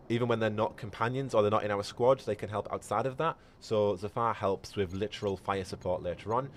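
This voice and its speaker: A man's voice: lowish voice, a little hiss or hum. A man giving chatty live gameplay commentary and answering viewers as a streamer. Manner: chatty, reads chat aloud. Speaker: game streamer.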